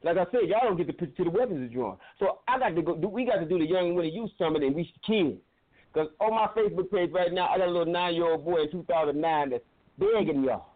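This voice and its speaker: A man's voice: fairly high pitch, fast talker. A man giving an impassioned, preacherly talk on a talk show, telling a story and repeating phrases for emphasis. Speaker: guest, filmmaker. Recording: tinny phone-line audio.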